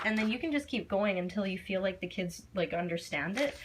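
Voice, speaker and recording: A young woman teacher talks through a classroom lesson in a chatty, casual way. She uses plenty of fillers and acts out the prompts she gives her class, at a middling pitch for a woman. A faint hiss of noise sits under the voice. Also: lively intonation, a little fast, hardly any pauses. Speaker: English teacher.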